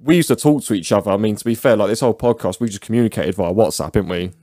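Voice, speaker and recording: A man's voice: lowish voice, racing, dark tone, no room sound, clean studio sound. A man appearing as a podcast guest, blunt and matey with plenty of swearing. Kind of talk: drunk casual banter.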